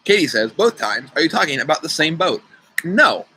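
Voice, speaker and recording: Bright-voiced young man hosting riddles. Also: on the high side, big pitch swings, normal speed, a little hiss or hum, rough recording. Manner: chatty, playful, talks to kids by name. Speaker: youth group leader. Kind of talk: casual online riddle game. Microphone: computer mic on a video call.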